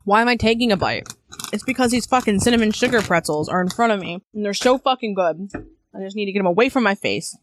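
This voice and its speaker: A woman's voice: medium pitch, expressive, fast talker. A young woman co-hosting a podcast, chatting casually, laughing often and swearing freely. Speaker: podcast co-host. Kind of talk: casual chat.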